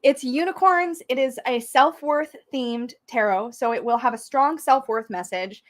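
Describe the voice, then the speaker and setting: A woman hosting a livestream, excited and emotional, close to tears and laughing often. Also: high-pitched, measured pace. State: tearful. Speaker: tarot channel host. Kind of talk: livestream chat.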